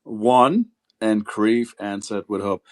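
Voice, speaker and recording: A man's voice: lowish voice, takes it slowly, darkish tone. Joking, profane male stream host. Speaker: livestream host. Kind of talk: casual call-in stream chat.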